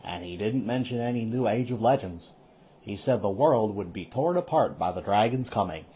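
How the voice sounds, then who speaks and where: A man reading aloud, voicing a wry, uneasy young village man in a quiet, hushed way. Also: lowish voice, expressive, moderate pace, muffled recording, slight background noise, close to an everyday voice.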